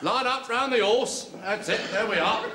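An actor playing a brash, coarse, bossy working-class warden. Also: male voice, high-pitched, normal speed, a crowd in the background, natural voice. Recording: roomy old TV soundtrack with hiss.

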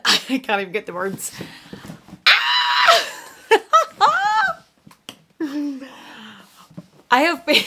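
A young woman vlogger chatting through an unboxing, excitable and giggly, tripping over her words. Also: medium pitch, a little hiss or hum. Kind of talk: unboxing vlog chat.

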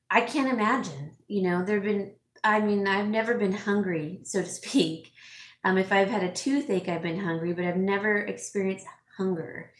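A middle-aged woman talks to her viewers in a loose, chatty way, full of fillers and little laughs. She sounds teary and sniffly, with a voice that sits mid-range. The room around her echoes. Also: mid-range voice. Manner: emotional, chatty, laughs often, many fillers. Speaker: home stager and vlogger. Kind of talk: casual chat reading viewer comments.

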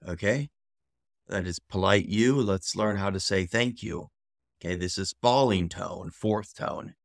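A deep, low-voiced man leads a beginner language lesson at an unhurried pace. He is patient and steady and repeats each syllable several times to model it. The sound is close and dry, with no room around it. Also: creaky, no echo. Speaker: language teacher.

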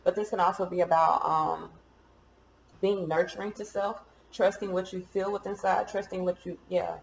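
Woman tarot reader, gravelly voice, casual chatty delivery, echoey room. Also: lowish voice, steady tone, moderate pace, a little hiss or hum. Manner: chatty, swears and laughs at herself.

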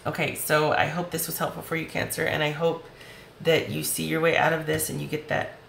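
A woman giving a tarot reading in a chatty, reassuring way, speaking straight to the viewer, her voice going hoarse. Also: sits low, monotone, brisk, fairly bright tone, roomy sound, slight background noise, poor audio. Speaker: tarot reader.

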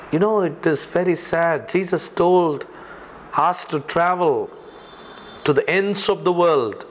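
A man from India preaches in English with an Indian accent, hammering points home through repetition. His voice sits somewhat high for a man. The recording sounds muffled and lo-fi. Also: slow, a little hiss or hum. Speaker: pastor. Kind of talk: sermon.

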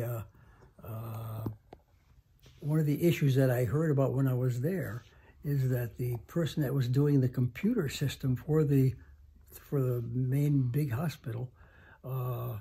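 A man in his nineties telling a story slowly, halting with many pauses and restarts. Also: medium pitch, fairly even intonation, dark tone, husky. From United States. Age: 90s. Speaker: interview guest. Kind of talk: reflective storytelling. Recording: home interview.

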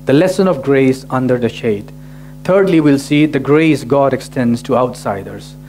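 A man's voice: medium pitch, moderate pace, a little mellow, soft background music. A man preaching a sermon as pastor, restating each point and checking in with listeners by asking "right?". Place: church in Tokyo.

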